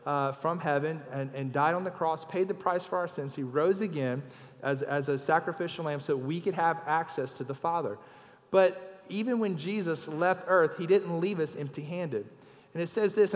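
A man, preaching a folksy sermon as a guest speaker and telling jokes. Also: fairly high pitch. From Louisiana. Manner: folksy storyteller, raises his voice for punchlines. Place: church sanctuary. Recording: long church hall reverb.

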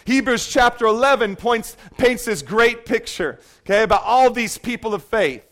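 Animated high-voiced male preacher. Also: normal speed. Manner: animated storytelling, often asks "okay?" and "right?". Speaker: pastor. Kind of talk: sermon.

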